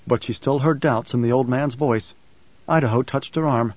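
A man reading a novel aloud in steady, even audiobook narration on a close mic. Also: mid-range voice, normal speed, no echo. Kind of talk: scripted narration. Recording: slightly dull dry studio recording.

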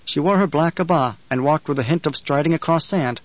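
A man narrating an audiobook in a steady, deliberate way. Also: a little high, no echo, lo-fi sound. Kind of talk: scripted narration.

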